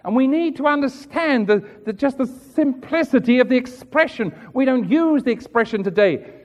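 A man's voice: very high-pitched, expressive, moderate pace, lo-fi sound. A man preaching a sermon in an earnest, rhetorical way, acting out the voices he quotes. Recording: hall reverb.

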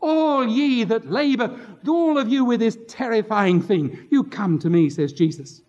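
A man's voice: very high voice, a little slow, darkish tone. A male pastor preaching an impassioned sermon, drawing out words for emphasis. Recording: dull lo-fi sermon tape.

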